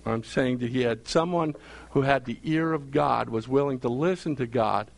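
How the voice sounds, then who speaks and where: A man's voice: medium pitch, normal speed, creaky, dry recording. A male pastor preaching a sermon, repeating phrases for emphasis and calling out questions to his congregation.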